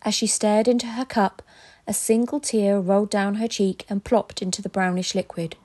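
A woman telling a children's story as a podcast storyteller, in a gentle, expressive way. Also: medium pitch, normal speed.

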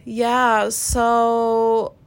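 A woman's voice: on the high side, monotone, drawn-out words, clear, resonant tone. Candid, swearing woman podcaster thinking aloud. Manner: frank, self-questioning, swears freely, many fillers. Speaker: podcast host. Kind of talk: candid solo podcast monologue.

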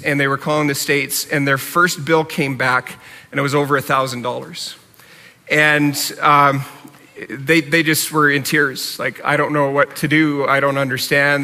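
Male pastor, earnest sermon delivery, bright edge, long hall reverb. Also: a little high. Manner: earnest, conversational preaching with repeated appeals.

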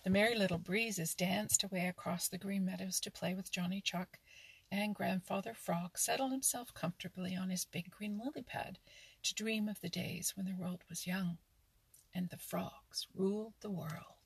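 Brief: woman narrator for a storybook, very breathy, a gravelly edge. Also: medium pitch, fairly even intonation, normal speed, dry recording. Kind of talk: reading a children's animal story aloud.

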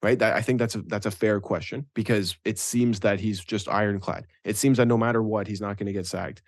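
A man co-hosting a casual football podcast, opinionated and animated, often checking in with "right?". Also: lowish voice, a little fast, dry recording, studio quality. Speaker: podcast co-host. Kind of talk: casual sports chat.

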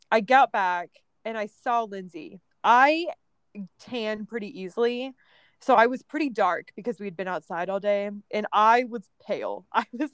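Young woman, casual chat, smooth clear voice, dry close sound. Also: medium pitch, no echo. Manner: relaxed, laughing storytelling with many fillers. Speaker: storyteller in a chat.

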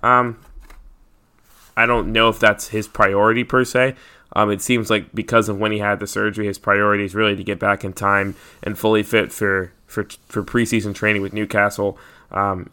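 Bright-voiced chatty American man. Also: on the low side, smooth. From United States. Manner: chatty, lots of ums and likes. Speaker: podcast co-host. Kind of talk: casual chat.

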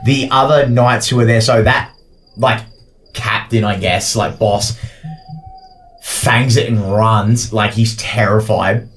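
A man's voice: lowish voice, slight background noise. A man running a tabletop game as game master, talking casually and laughing often. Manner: casual, laughing, quick bursts of excitement.

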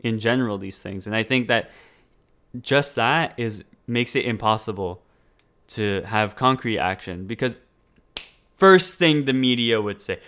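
A man's voice: on the low side, expressive, a little slow, a bit bright. A man in a casual political chat, rambling with lots of fillers and restarts, swearing now and then.

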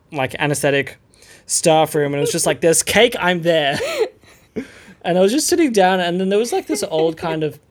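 A young speaker in their twenties, a junior doctor co-hosting a casual chat with wry jokes. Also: medium pitch.

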